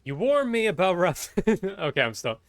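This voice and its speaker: Brief: relaxed joking guy, casual gaming chat, teasing. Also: high voice, normal speed. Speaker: co-player.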